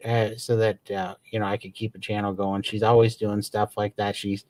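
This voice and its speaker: Low-voiced man, eager livestream co-host. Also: flat delivery, moderate pace, a little mellow, no echo. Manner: enthusiastic, grateful, rambling. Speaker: podcast co-host. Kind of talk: casual livestream chat.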